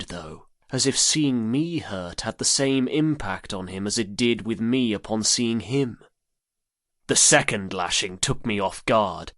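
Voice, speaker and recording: Male narrator, very slow measured reading, dry close sound, audiobook. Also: on the low side, fairly bright tone, dry recording. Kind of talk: first-person audiobook narration.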